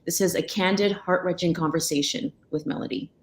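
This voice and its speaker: A woman hosting a webinar, introducing a film clip and asking a guest questions in a measured way. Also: lowish voice, fairly even intonation, background noise. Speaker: webinar host. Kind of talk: webinar moderation.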